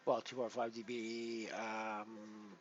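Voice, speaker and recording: A man commentating his poker stream in a casual, rambling way, full of restarts, his loudness rising and falling as he goes. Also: lowish voice, flat delivery, takes it slowly, lo-fi sound, slight background noise. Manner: rambling, with many restarts and big swings in loudness. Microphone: headset.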